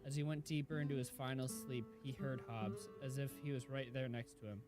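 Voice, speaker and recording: A man hosting a reaction video, reading a sad story aloud gently and lowering his voice for quoted lines, then reacting emotionally. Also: level tone, fairly quick, loud music behind the voice.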